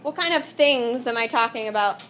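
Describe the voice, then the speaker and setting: A woman's voice: a little high, normal speed, a bit bright, slight background noise. A woman teaching a classroom lesson, calling on students by name and encouraging them.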